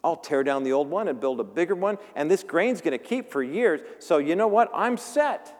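A man's voice: on the high side, expressive, moderate pace, long reverb tail, voice pushed up, natural voice. A man voicing a smug, self-satisfied rich farmer who boasts about his harvest. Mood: gloating. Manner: gloating, boastful.

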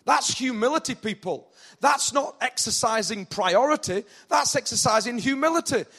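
A man with a northern English accent preaching a sermon, animated, acting out the people in the story with rising intensity. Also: extremely high pitch, normal speed, slightly rough. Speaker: pastor.

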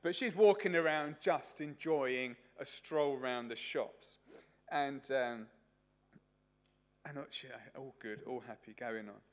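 A man preaches at a church service, middle-pitched and conversational. He slips in plenty of ums and uhs as he tells his story. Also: takes it slowly. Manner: chatty, anecdotal, with many fillers. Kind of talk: sermon.

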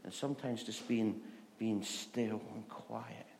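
A man preaching a conversational sermon, chatty and humorous, who often lowers his voice to a soft, hushed delivery. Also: fairly even intonation, takes it slowly, gravelly, slight background noise.

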